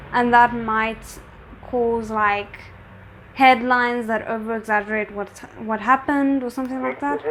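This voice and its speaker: A woman hosts a drama reaction in a loose, rambling, chatty way, with laughing asides. Her voice is slightly high, with a faint hiss behind it. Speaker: reaction channel host. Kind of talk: casual drama reaction commentary.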